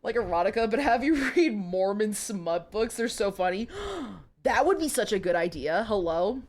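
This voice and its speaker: A woman's voice: medium pitch, expressive, moderate pace. A young woman streaming live, reading a romance novel aloud to her chat with giggly, chatty asides.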